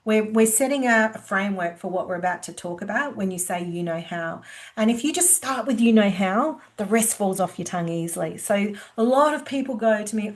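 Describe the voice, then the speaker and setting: A woman presenting a workplace skills webinar, teaching in a lively way and acting out quoted lines of dialogue. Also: medium pitch, normal speed.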